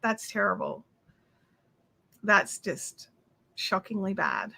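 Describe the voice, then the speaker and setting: A woman's voice: a little high, slow pace, creaky, pauses often, pushed and bright. A woman with an Australian accent hosting a craft livestream from home, chatting effusively with viewers and reading out their comments, full of fillers and restarts.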